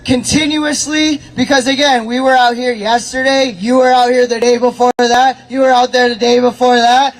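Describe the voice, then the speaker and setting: A man emceeing an outdoor street protest, shouting rousing calls to the crowd. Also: extremely high pitch, level tone, normal speed, few pauses, poor audio. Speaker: rally emcee. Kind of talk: shouted rally speech. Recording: loud crowd noise. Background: cheering crowd.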